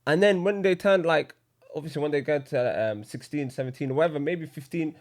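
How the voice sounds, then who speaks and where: A man's voice: on the high side, a little fast. A young man, co-hosting a casual podcast chat and telling stories animatedly. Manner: animated storyteller, laughs while telling. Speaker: podcast co-host.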